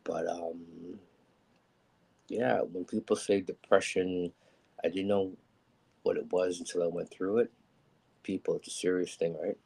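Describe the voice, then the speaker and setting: Man, candid storyteller, husky low voice, rambles with fillers. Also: steady tone, unhurried, long pauses, darkish tone, rough recording. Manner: rambling and candid, many ums, acts out quoted people. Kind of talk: personal storytelling on a live show.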